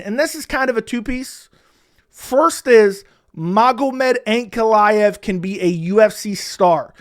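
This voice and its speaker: High-pitched guy ranting hard about fight commentary, heated and fast. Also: a bit bright, clean tone. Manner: heated, ranting, mocks others in whiny voices. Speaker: MMA commentator. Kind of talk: opinionated solo commentary.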